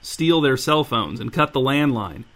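A teenage ringleader, cold and calculating, speaks in clipped, insistent lines, as a man reads him. The voice sits at an ordinary middle pitch. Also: animated, a little slow, a bit bright. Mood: calm, scheming. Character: scheming teen boy ringleader, cold and commanding.

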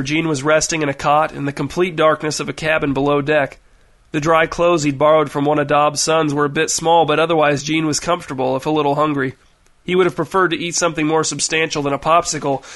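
A man reading a story aloud in a wry, even storytelling manner. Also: fairly high pitch. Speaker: narrator. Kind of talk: audiobook narration.

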